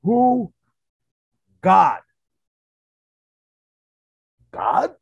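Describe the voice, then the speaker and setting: A man's voice: sits high, wildly swooping pitch, extremely slow, vocal fry, slightly rough, dry recording, highs cut off, voice pushed up, heavily acted. A man voicing a confused, primitive ape man who grunts out broken, short questions. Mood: puzzled.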